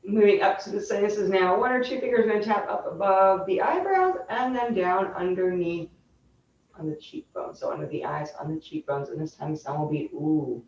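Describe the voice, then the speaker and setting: A woman yoga instructor calmly guiding a chair yoga class, cueing breath and movement step by step. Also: medium pitch, moderate pace, slight background noise. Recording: roomy, distant, dull sound.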